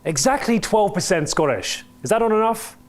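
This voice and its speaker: A man's voice: sits high, lively intonation, moderate pace. An actor playing a pompous, condescending man who calls himself a survivalist, botanist and swordsman. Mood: haughty. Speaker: skit character.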